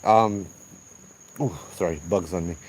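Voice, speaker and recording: A man with a low, darkish voice speaks unhurriedly while leading a nighttime ghost tour along an outdoor trail. He tells the stories with animation, acting out what people said, and often restarts his sentences. The low-quality recording carries slight background noise.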